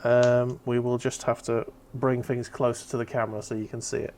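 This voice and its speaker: Hosting a laid-back painting stream, this man speaks a little fast in a level, mid-range, slightly mellow voice, with a faint hiss or hum. He chats freely, swears occasionally, and fumbles with his gear.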